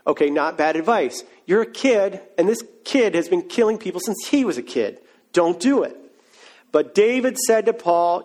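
High-pitched guy preaching, casual jokey storytelling. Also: expressive, normal speed. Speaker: pastor. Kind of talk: sermon.

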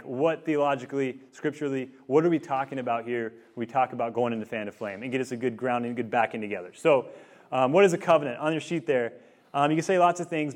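A man in his thirties giving a casual teaching talk to college students, rambling through a family story with lots of fillers. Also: medium pitch. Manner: rambling, filler-heavy storytelling with many likes. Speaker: campus ministry speaker. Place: room with a student group.

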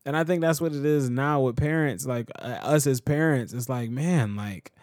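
Casual male podcast co-host, animated storyteller, dry close sound. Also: mid-range voice, normal speed, no room sound. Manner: storytelling, acts out voices, laughs often. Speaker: father of a toddler. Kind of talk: casual chat.

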